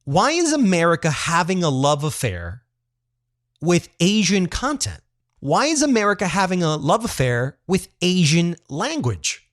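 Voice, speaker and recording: A man's voice: high-pitched, sing-song, a little slow, a bit bright, no echo, clean studio sound. A man co-hosting a podcast in casual, opinionated chat, blunt and swearing freely. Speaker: podcast co-host.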